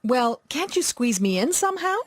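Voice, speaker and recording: A woman reading lines of a scripted practice dialogue, plain and clear. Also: high-pitched, sing-song, normal speed, no echo.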